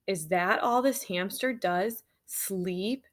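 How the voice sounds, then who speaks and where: A woman reading the lines of a strict, soft-spoken older female teacher in a storybook. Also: medium pitch, slow, natural voice. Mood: stern. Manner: quiet, stern.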